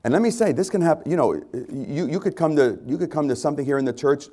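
A man's voice: fairly high pitch, lively intonation, quick pace, dark tone. A male pastor preaching a conversational sermon to his congregation, repeating phrases for emphasis.

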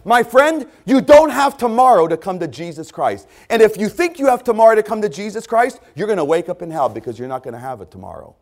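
A man preaching a sermon, shifting between hushed, quiet passages and loud, emphatic repeated cries. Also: on the high side, sing-song, a little fast, few pauses.

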